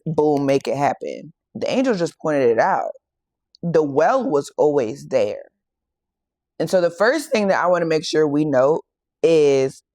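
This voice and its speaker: A woman hosting a faith and fitness channel who retells a Bible story in a casual, animated way and acts out the quoted lines. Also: low-pitched, no echo, clean studio sound.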